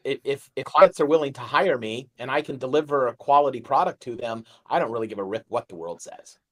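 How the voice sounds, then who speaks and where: A man's voice: mid-range voice, brisk. A man co-hosting a casual discussion, rambling and repeating phrases as he thinks aloud. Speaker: co-host.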